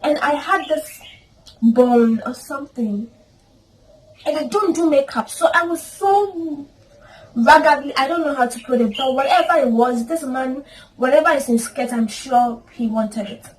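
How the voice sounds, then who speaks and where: A storytime vlogger shares a personal story, earnest and emotional, breaking into prayerful asides. Her voice is high-pitched and a bit slow. She sounds distant from the mic, with faint ambience around her.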